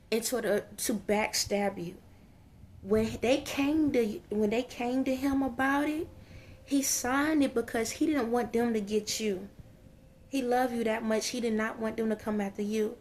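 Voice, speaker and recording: A woman relays spirit messages to her viewers, exclaiming and repeating herself, now and then sinking into a whisper. Her voice sits a little higher than most women's. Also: a little mellow, a little hiss or hum. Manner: emotional, exclaims and repeats phrases, slips into whispers. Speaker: spiritual medium.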